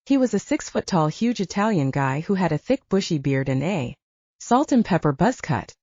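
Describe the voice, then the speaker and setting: An audiobook narrator with a low, expressive female voice tells a story at a moderate pace. The scripted narration is recorded dry and dull, with no room sound.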